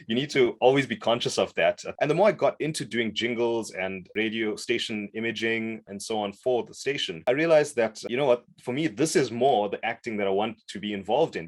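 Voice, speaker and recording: Lively low-voiced man from South Africa. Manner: animated and enthusiastic, quick bursts, laughs often. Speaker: voice-over coach. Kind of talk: podcast interview, telling his story.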